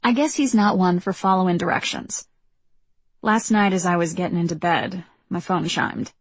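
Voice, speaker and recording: A woman narrating a first-person novel in a measured, reflective telling. Her voice sits low with a husky, breathy texture, and the close studio sound is dry and without room echo. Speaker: audiobook narrator.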